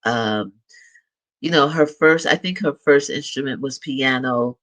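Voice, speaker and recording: A man's voice: medium pitch, unhurried, fairly bright tone, poor audio. A middle-aged man hosting a live show, chatting casually and upbeat as he makes announcements. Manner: chatty and upbeat, with light laughs and restarts. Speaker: show host.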